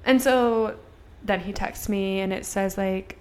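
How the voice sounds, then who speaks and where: A woman's voice: medium pitch, fairly even intonation, slow, darkish tone, clear, resonant tone. A young woman in her twenties co-hosting a podcast, telling a story in casual chat, full of fillers and acted-out bits of dialogue. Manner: chatty, filler-heavy, acts out dialogue with swearing. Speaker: podcast co-host.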